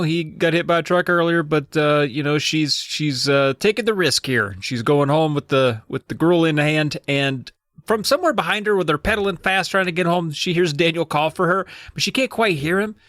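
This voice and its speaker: A man's voice: fairly high pitch, moderate pace, fairly bright tone, no echo. Casual man narrating a recap, dry sound. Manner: casual, filler-heavy retelling. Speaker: podcast co-host. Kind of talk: comedic book recap narration.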